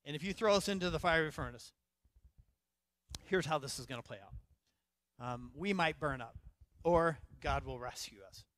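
A middle-aged man preaching a sermon as pastor, telling a story with animated self-quotes and then dropping to quiet emphasis. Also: on the high side, normal speed, long pauses, dry recording. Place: church stage.

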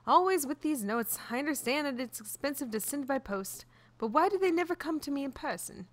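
A woman's voice: high-pitched, animated, a little fast, voice pushed up. A woman voicing a fussy, pompous British townsman with a put-on British accent, reading his lines aloud while she plays a video game. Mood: exasperated. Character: fussy British townsman Max, office clerk.

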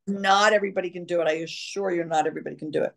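A woman chats as an interview guest and tells anecdotes with lots of energy, sometimes dropping into character voices. Her voice sits a little on the low side for a woman. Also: racing, creaky. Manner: animated storyteller, slips into voices. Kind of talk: casual chat.

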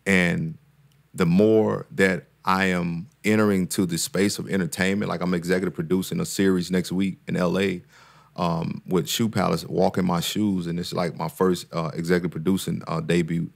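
Deep gravelly-voiced man, earnest storyteller. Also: level tone, moderate pace. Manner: earnest, preacher-like cadence that rises when making a point; repeats words and restarts often. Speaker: therapist and guest speaker. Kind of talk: casual podcast conversation.

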